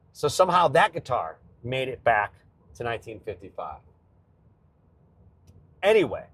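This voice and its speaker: Chatty man rambling on a road trip. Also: medium pitch. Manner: rambling, self-interrupting, nerdy enthusiasm. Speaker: comedian podcast host. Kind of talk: casual solo chat.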